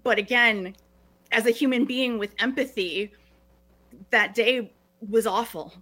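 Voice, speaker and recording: Guest, female, middle-aged, bright forceful voice, earnest, many restarts. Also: on the high side, a little slow. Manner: earnest, restarting phrases often. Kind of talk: reflective podcast conversation.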